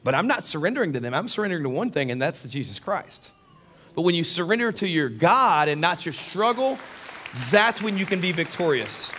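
A man's voice: on the high side, fairly quick, a faint crowd, a little hiss or hum. A middle-aged male pastor preaching a sermon, telling a comic story to his congregation. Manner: animated, jokey storyteller who addresses the congregation.

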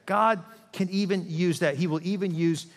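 A man's voice: high voice, fairly even intonation, moderate pace. A man preaching a sermon as a pastor, conversational and self-deprecating. He asks his listeners direct questions and acts out voices of the people in his stories. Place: large church. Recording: long reverb in a large hall.

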